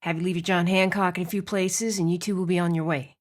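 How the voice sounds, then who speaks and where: A woman's voice: on the low side, fairly even intonation, quick pace, lightly acted. Woman reading an easygoing middle-aged country cop, plain-spoken, laid-back, audiobook figure. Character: folksy middle-aged male police officer.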